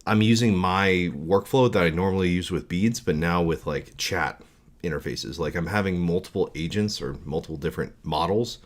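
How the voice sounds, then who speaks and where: A man's voice: low-pitched, normal speed. A man talking casually on a live coding stream, rambling through his thoughts with many fillers and restarts.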